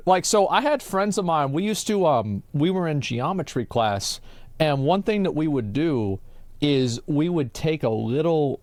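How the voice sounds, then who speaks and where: A man's voice: a little high, no echo. A man from Texas hosting a live stream, telling a long story in a rambling, profane way full of filler words.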